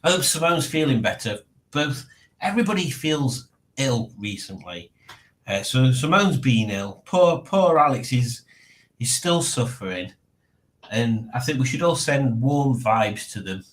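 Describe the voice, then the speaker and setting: A man's voice: medium pitch, expressive, unhurried. A man hosting a casual livestream, rambling and chuckling to himself as he reads out chat messages. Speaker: livestream host. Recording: echoey room.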